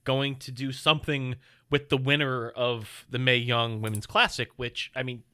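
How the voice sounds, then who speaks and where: A man's voice: medium pitch, flat delivery, moderate pace, pushed and bright, clean tone. A man co-hosting a casual podcast, bantering in a teasing, boastful way. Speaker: podcast co-host.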